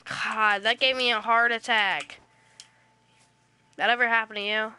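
A woman's voice: a little high, steady tone, unhurried, sharp tone, a little hiss or hum. A woman casually chatting while playing a game online, playfully trash-talking creatures in slangy speech. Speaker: gaming channel host. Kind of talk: casual let's-play chatter.

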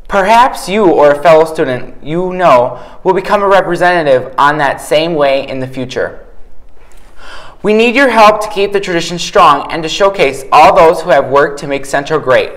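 A teenage student announcer reading the daily morning school announcements from a script. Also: male voice, on the high side, lively intonation, normal speed, a bit bright, rough recording.

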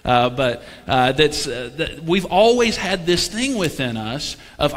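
A man's voice: a little high, lively intonation, measured pace. A man preaching a sermon as pastor, talking conversationally and tossing rhetorical questions and jokes to the congregation. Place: church sanctuary. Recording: long reverb of a church hall.

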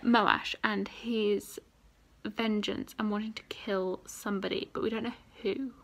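A young woman chatting casually about a book she just read, excitable and full of "like". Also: mid-range voice, gravelly. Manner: animated, excitable, says "like" often. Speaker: reading vlogger. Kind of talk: casual book reaction chat.

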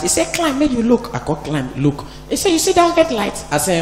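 A man's voice: very high voice, wildly swooping pitch, brisk, soft background music. A man in his forties with a Nigerian Pidgin English accent, performing a stand-up comedy routine on stage and acting out every character in his jokes. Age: 40s. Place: live event stage. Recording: echoey hall, faint hum.

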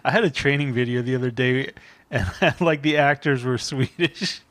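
Man, podcast co-host, relaxed chat, slight chuckles, dry recording. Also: mid-range voice, moderate pace, no room sound. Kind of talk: casual comedy podcast chat.

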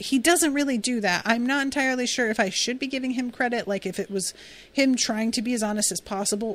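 A woman hosting a podcast, chatting casually through a TV episode recap with lots of fillers and acted-out quotes. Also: fairly high pitch. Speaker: podcast host.

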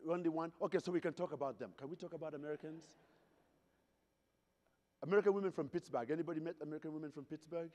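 Speaking quickly but pausing often, this keynote speaker from Zaire has a somewhat high, slightly mellow voice. He spins humorous stories and playfully questions the audience at a convention held in a hotel ballroom. The room reverberates.

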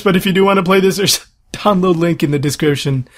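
A young man hosting a gaming channel plays a horror game and comments as he goes, panicking, swearing, and begging the monster to leave him alone. His voice is high-pitched and his pace is quick.

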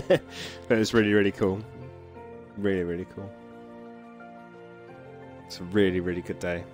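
Chatty laughing man streaming a game. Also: on the low side. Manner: chatty, often laughing, with frequent ums. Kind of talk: casual gameplay commentary, reading game text aloud.

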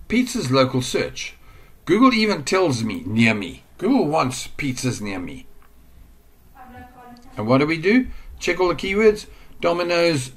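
A man giving a casual screen-share lesson on online marketing. He rambles and chats, and he drifts off the mic now and then while working at his computer. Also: mid-range voice.

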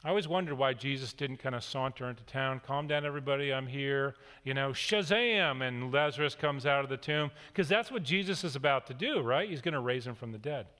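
A man's voice: medium pitch, animated, fast talker, few pauses, a bit bright. A middle-aged man preaching a sermon as a guest speaker, reading scripture and then explaining it in an earnest, storytelling way. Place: church sanctuary. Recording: long reverb of a church hall.

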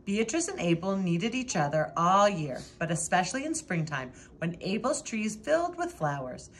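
A woman reading a children's picture book aloud in a lively, expressive way. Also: mid-range voice, normal speed, a little hiss or hum. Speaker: storybook reader.

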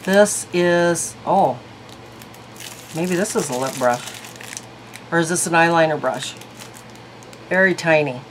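A woman's voice: fairly low pitch, takes it slowly, long pauses, a little hiss or hum, poor audio. A woman reviewing beauty products in a casual vlog, chatty and thinking aloud. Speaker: beauty vlogger.

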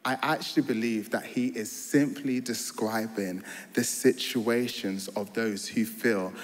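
A man's voice: mid-range voice, fairly even intonation, unhurried. A man preaching a sermon in a church, earnest and storytelling, building to joyful emphasis. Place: large church hall. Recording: long hall reverb.

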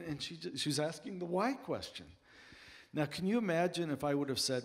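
A man's voice: fairly high pitch, lively intonation, moderate pace. A man speaking earnestly on a conference panel and telling personal anecdotes. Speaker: author and apologist on a panel. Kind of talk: panel discussion, storytelling.

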